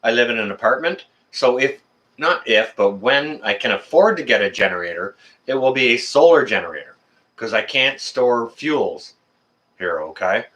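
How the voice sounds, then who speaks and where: A man's voice: mid-range voice, lively intonation, moderate pace, fairly bright tone. A man hosting a casual live stream from his apartment, chatting and reading viewers' messages aloud. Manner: chatty, talks to viewers and reads chat aloud.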